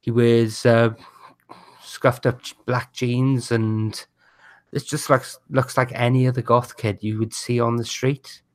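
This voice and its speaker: A man who narrates as game master, describing scenes in a halting way with many restarts. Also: mid-range voice, little pitch movement.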